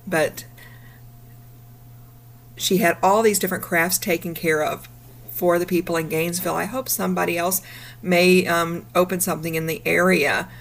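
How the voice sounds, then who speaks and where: Chatty woman vlogger. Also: fairly low pitch. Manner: chatty and upbeat. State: rough morning voice. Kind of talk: casual travel vlog narration.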